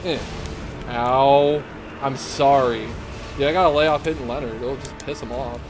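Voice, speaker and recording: A man's voice: medium pitch, steady tone, moderate pace. A young man streaming a game live, chatting casually with lots of swearing and giggling while he plays. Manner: casual, profane, giggly banter. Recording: game music clearly behind voice.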